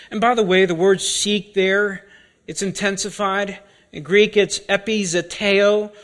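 Slow, high-voiced male preacher. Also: fairly even intonation, fairly bright tone. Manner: deliberate, repeats key words for emphasis. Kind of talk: sermon.

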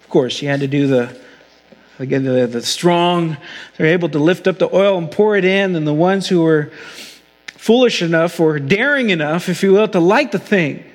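High-voiced man preaching a sermon. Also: big-room sound. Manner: earnest preaching, slows for emphasis. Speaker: pastor.

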